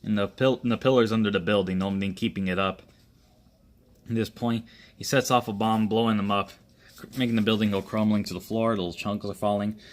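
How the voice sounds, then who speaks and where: A man narrating his own action story off the cuff, voicing the characters' lines himself in a halting, rambling way with many restarts. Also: fairly low pitch, steady tone. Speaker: amateur storyteller.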